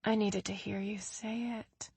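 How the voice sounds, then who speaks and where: A woman's voice: mid-range voice, animated, moderate pace, dry recording, voice pushed up. A woman reading the lines of a playful, cheerful young professional woman in a romance story. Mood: soft. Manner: cheerful, playful, soft at times.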